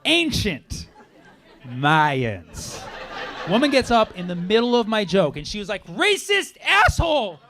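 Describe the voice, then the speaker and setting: Brash stand-up comic, crowd laughing. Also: male voice, sits high, a little slow. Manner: brash and animated, crowd work. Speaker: stand-up comedian. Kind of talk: stand-up set before a live crowd. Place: comedy club stage. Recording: live club recording with loud crowd. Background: audience laughter.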